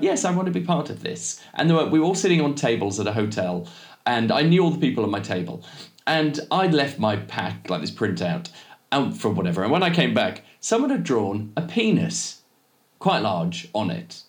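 Man, podcast co-host, lively up-and-down delivery, rambling, roomy echo. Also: mid-range voice, normal speed. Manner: rambling, self-interrupting, laughs often. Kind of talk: casual chat.

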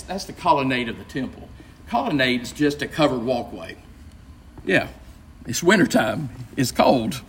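A pastor with a gravelly, creaky voice teaches a Bible study. He explains in a relaxed, conversational way, often pausing and restarting his sentences. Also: mid-range voice, slight background noise.

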